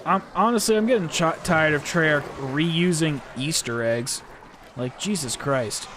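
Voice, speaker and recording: A man's voice: a little high, measured pace, a bit bright, a little hiss or hum. A young American man chatting casually and rambling as a gaming podcast host. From United States. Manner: rambling, chatty, laughs often. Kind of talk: casual chat while playing a game.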